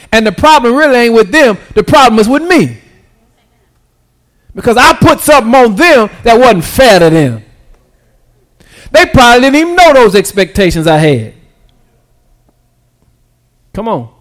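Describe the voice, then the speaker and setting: High-voiced guy preaching, calls out to the church, goes from quiet to loud. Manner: preaching with call-and-response, swinging from hushed to shouted; casual vernacular grammar. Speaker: pastor. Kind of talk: sermon.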